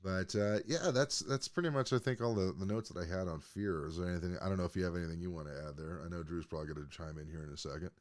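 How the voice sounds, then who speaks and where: A man's voice: sits low, fairly even intonation, rapid-fire, few pauses. A man co-hosting a podcast in casual chat, laid-back with sarcastic, profane asides. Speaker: podcast co-host.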